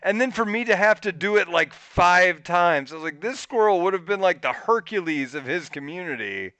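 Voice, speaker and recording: A man co-hosting a podcast, telling a story in a casual, animated way, swearing and jumping to a squeaky high pitch when he quotes himself. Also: moderate pace, clear, resonant tone, no echo. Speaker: podcast co-host.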